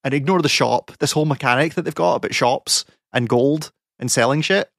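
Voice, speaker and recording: A man's voice: mid-range voice, a little fast, vocal fry, fairly bright tone, no echo, studio quality. Exasperated man ranting. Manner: rambling, exasperated ranting with many fillers. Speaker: podcast co-host, game academic. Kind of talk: casual podcast chat.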